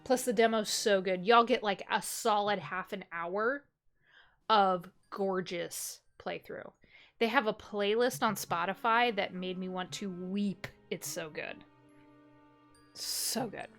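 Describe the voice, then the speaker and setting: Bright, excitable woman streamer. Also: medium pitch, takes it slowly, faint music behind. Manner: chatty and excitable, laughs often, swears casually. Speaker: streamer and game master. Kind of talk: casual stream sign-off chat.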